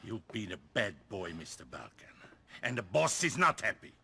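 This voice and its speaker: An actor playing a taunting, sadistic mob thug in a video game. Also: male voice, lowish voice, very animated, moderate pace, creaky, sharp tone, full character voice. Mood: menacing. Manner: taunting, mocking. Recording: game audio with background noise.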